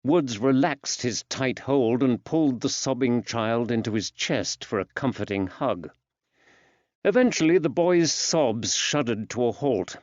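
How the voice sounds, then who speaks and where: A man narrating an audiobook in a measured, even storytelling delivery. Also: mid-range voice, no echo. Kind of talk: scripted narration. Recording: dull dry studio sound.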